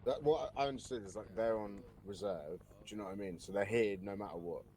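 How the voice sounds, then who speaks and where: A man's voice: lowish voice, fast talker, mellow. A man in casual gaming chat, repeating "do you know what I mean" as he explains.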